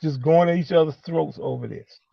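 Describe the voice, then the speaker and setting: A man calling in and speaking emphatically in a preachy way, halting with many fillers between points. The audio is a dull, lo-fi call line. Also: on the high side, creaky, no echo. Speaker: caller. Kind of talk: impassioned call-in monologue.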